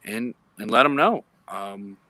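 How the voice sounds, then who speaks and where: A man from law enforcement joins a live chat over his phone. He explains things earnestly and often pauses to search for words. His voice is lowish but bright and forceful. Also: lively intonation, dry recording.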